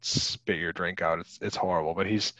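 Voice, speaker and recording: On a dull lo-fi podcast mic, a thirtysomething co-host of a casual movie podcast rambles, stumbling into restarts and fillers. He sits low with a steady tone, a moderate pace and a slightly bright sound, and the recording is dry.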